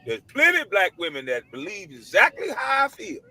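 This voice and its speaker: High, bright-voiced man ranting emphatically. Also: huge pitch swings, a little fast, low-quality recording. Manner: emphatic, preachy, repeats his points; blunt, casual slang. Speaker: online commentator. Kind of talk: ranting monologue to camera. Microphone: computer mic.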